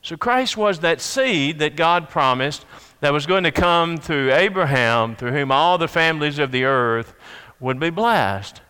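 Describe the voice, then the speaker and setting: A man delivers an earnest sermon, reading passages of scripture and then explaining them. His voice sits high and sounds bright and crisp. Long reverb trails behind his words, as if the sermon were recorded in a large hall. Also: expressive, unhurried. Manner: earnest expository preaching, reading scripture aloud. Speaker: preacher.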